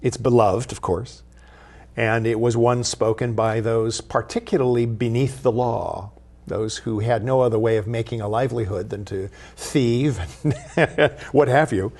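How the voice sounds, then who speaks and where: A man, guest host of a TV talk show, explaining history in a measured, professorial way. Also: mid-range voice, fairly even intonation, a little mellow. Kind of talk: studio TV talk.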